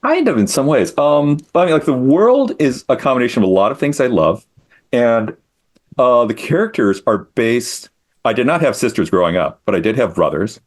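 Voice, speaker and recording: A man's voice: medium pitch, lively intonation, normal speed. A middle-aged man, a comic creator, talking casually as a guest in an interview, thoughtful and self-deprecating as he explains his work.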